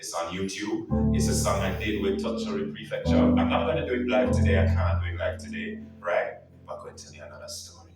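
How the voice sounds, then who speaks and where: A man from Jamaica with a Jamaican accent, telling playful, emphatic stories in a lively speech to a live audience. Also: low-pitched, brisk. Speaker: guest speaker at an anniversary event. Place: large event hall. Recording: echoey hall, far from the mic. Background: piano playing.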